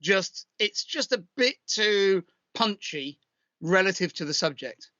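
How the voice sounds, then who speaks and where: A man from the UK co-hosting a casual chat, giving measured, critical photo reviews. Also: sits high, animated, bright, forceful tone, no room sound. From United Kingdom. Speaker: co-host. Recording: dull lo-fi sound.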